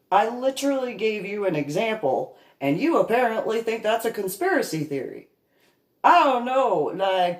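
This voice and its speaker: A woman talks unscripted about her own experiences as a parent, speaking slowly and emphatically with deliberate pauses. Her voice is medium-pitched, and the room sounds echoey.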